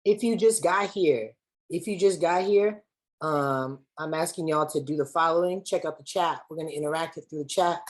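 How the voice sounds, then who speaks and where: Her voice sits low and moves at a moderate pace, though the recording is rough. She's a Los Angeles woman hosting a lively online workshop over a video call, keeping things playful, slangy, and chatty.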